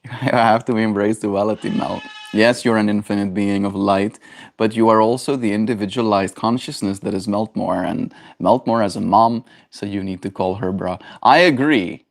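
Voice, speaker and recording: A man's voice: on the low side, fairly even intonation, unhurried, gravelly. A young man livestreaming, chatting casually and reflectively with his viewers. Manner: rambling, reflective, talks to chat. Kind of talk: casual daily stream chat.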